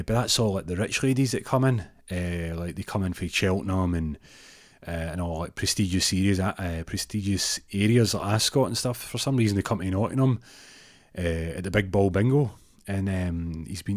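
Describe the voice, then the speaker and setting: Rambling low-voiced male storyteller. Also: normal speed, dry recording, clean studio sound. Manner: rambling, with many fillers and restarts. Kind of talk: comic storytelling.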